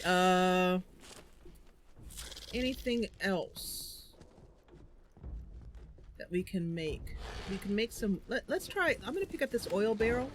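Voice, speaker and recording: Woman, livestream host, casual game commentary, unhurried, chatty, giggly, faint background hum. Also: on the low side. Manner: chatty, thinking aloud, giggly.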